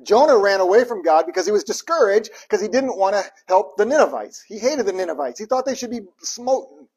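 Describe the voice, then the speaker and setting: A male pastor delivers a sermon with a slightly raised pitch and a husky edge to his voice. He retells the stories in an animated, conversational manner, acting out quoted lines and throwing in joking asides to the congregation. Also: brisk.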